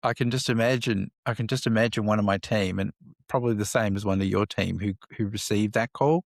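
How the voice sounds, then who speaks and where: A man with a gravelly, creaky voice co-hosts a casual podcast. He talks things through in a reflective, conversational way, recorded close and dry. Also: on the low side, steady tone, brisk, dry recording. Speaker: podcast co-host, business owner.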